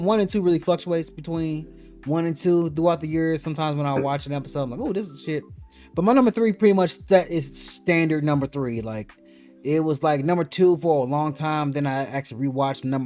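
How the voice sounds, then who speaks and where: A man hosting a casual chat who talks in a loose, profane, lively way. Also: fairly high pitch, fairly quick, faint music behind. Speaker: podcast host.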